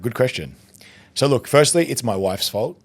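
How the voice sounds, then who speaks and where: An Australian man from Western Sydney, chatting as a podcast guest. He tells his story in a loose, animated way, full of "like" and quick re-enactments of what people said. His voice sits in an ordinary middle pitch. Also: husky. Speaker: podcast guest, competitive eater.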